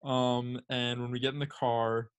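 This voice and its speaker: A young man in casual chat, telling a story in an animated way with swearing. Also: medium pitch, unhurried, clear, resonant tone. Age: young adult. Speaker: storyteller friend.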